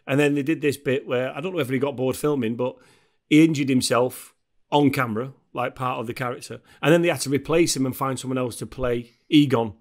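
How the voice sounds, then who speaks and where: A man's voice: mid-range voice, fairly even intonation, brisk. A man, co-hosting a podcast with boisterous, sweary banter. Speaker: podcast co-host. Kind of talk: casual chat.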